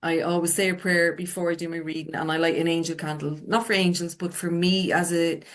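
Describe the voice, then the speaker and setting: A woman's voice: on the low side, little pitch movement, a little fast. A woman medium on a podcast panel, talking candidly and with amusement about her practice. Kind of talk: casual chat.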